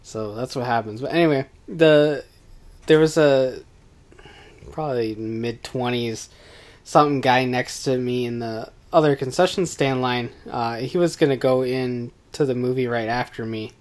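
A man's voice: mid-range voice, moderate pace, darkish tone. A man co-hosting a casual podcast, rambling through an anecdote with restarts and laughter. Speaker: podcast co-host. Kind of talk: casual chat about a movie.

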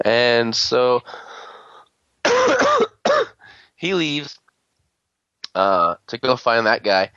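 A man's voice: medium pitch, very animated, a little slow, pauses often, bright, forceful tone, dry recording, dull audio. A man on a podcast recapping a show episode in a rambling, crude casual way, full of fillers and quoted lines. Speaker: podcast host.

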